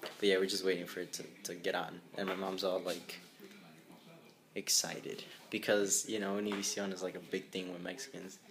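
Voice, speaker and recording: A man's voice: sits low, little pitch movement, normal speed, a crowd in the background. A young man and father talking casually to his camera at home in a loose, chatty way, swearing freely. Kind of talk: casual vlog chat to camera.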